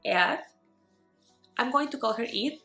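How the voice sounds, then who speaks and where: A young woman who grew up speaking chats through her reading day, playful and full of "like" fillers. Her voice sits a little high. The room is echoey, with light music under her talk. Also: normal speed, a bit bright. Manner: chatty, playful, rambling with many "like" fillers. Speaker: book vlogger. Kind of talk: casual vlog chat. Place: bedroom at home.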